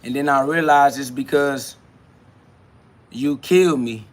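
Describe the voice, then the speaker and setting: A man hosting his own podcast, talking freely in a rambling spiritual monologue. He keeps saying "you feel me", laughs often, and swings between loud and hushed. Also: medium pitch, slow pace. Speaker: podcast host.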